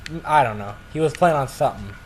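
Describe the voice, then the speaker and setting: A man's voice: mid-range voice, lively intonation, quick pace, slight background noise, low-quality recording. A man casually telling a story to friends, rambling with lots of "like" and restarts.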